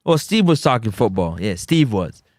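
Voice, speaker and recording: A man with a Jamaican accent hosting a casual football talk stream, playful and full of shout-outs and "boop" sound effects. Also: lowish voice, very animated, moderate pace, no echo, studio quality, soft background music. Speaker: sports talk show host. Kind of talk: casual livestream football commentary. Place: indoors in a building overlooking a stadium.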